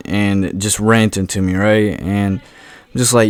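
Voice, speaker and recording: A man's voice: fairly low pitch, unhurried, clear, resonant tone, no room sound. A young man telling a casual storytime monologue in a laid-back way, full of fillers and swearing, often asking "right?".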